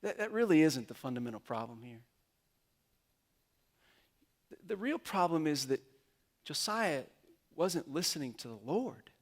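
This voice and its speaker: A man preaching a sermon as pastor, retelling a story and acting out the characters' lines in quick quotes. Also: a little high, sing-song.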